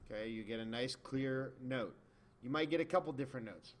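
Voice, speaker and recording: A man's voice: mid-range voice, brisk, heavy background noise. A man teaching beginners in a video lesson, patient and demonstrating as he explains. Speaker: music teacher. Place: indoors, in front of a camera.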